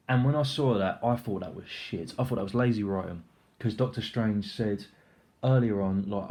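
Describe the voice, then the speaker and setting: A young man with a fairly low voice talks through a film in a loose, rambling review. He keeps throwing in filler words and casual swearing, and sounds wound up and excitable. It is an unscripted spoken review. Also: normal speed.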